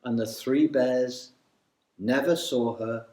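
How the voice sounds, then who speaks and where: Man reading a kids story, slow and lively, echoey room. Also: mid-range voice. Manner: slow, animated, sing-song.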